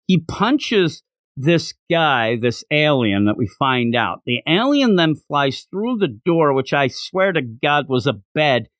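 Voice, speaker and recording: A man's voice: on the high side, sing-song, slow pace, a bit bright, dry recording. A man co-hosting a podcast, chatting casually and critically about a manga chapter, rambling and acting out lines as he goes. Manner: rambling, critical, acts out quotes. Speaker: podcast co-host. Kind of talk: casual chat reviewing manga.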